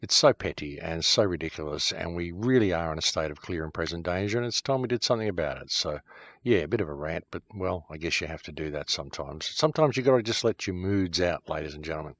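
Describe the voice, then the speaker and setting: Middle-aged male host, deep voice, dry close sound, fired-up rant from a shed studio. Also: fast talker, no room sound. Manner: heated and emphatic, then calmer and wry. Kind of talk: ranting monologue to camera. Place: backyard shed studio in the countryside.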